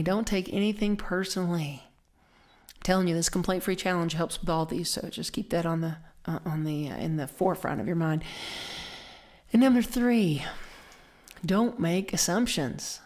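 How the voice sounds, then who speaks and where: A woman's voice: on the low side, normal speed. Woman minister giving a sermon. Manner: conversational, animated storytelling with soft whispered emphases.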